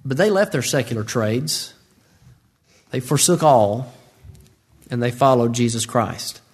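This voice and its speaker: A man preaching a sermon, acting out the voices of Bible figures with big swings in pitch. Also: expressive, measured pace, breathy edge.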